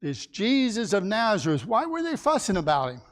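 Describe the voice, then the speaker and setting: A man's voice: high voice, huge pitch swings, normal speed. A man teaching a Sunday Bible class in a folksy way, asking his listeners questions and acting out the people in the story.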